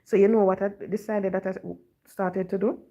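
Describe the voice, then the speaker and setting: A woman's voice: medium pitch, little pitch movement, normal speed, dark tone, lo-fi sound. A Jamaican woman telling a story to her live-stream viewers in chatty patois, often dropping in "you know".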